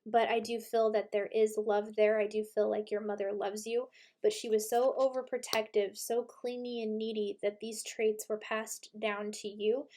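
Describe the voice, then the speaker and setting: A woman in her thirties giving an intuitive tarot reading in a gentle, reflective way, mixing in stories from her own life. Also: medium pitch. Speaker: tarot reader.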